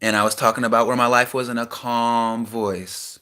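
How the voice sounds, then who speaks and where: Indoors in a small house, an agitated young man vents raw feelings to camera in an emotional personal rant, swinging between heated and subdued. His medium-pitched voice is bright and forceful, with a level tone and a moderate pace.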